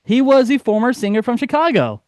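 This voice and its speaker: A man's voice: extremely high pitch, sing-song, fairly quick, darkish tone, no room sound, clean studio sound. A man hosting a podcast in casual chat, rambling and correcting himself, laughing easily. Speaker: podcast host.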